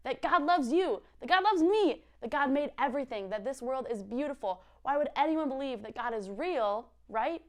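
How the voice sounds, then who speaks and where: A young woman giving a casual, bubbly Bible lesson for kids and teens, chatty and quick to giggle. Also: high voice, expressive. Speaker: youth Bible teacher.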